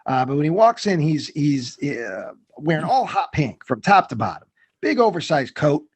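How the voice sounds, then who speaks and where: A man's voice: fairly high pitch, sing-song, normal speed, slightly rough, no room sound. A man co-hosting a podcast, recapping a film scene by scene in loose chat, with lots of fillers and swearing. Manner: swearing, rambling with many fillers.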